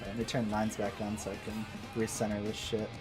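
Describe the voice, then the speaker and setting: A man's voice: fairly low pitch, completely flat delivery, a little fast, over music. A man streaming a farming game, chatting casually and swearing freely with co-players. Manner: profane, rambling banter. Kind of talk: casual gameplay chat.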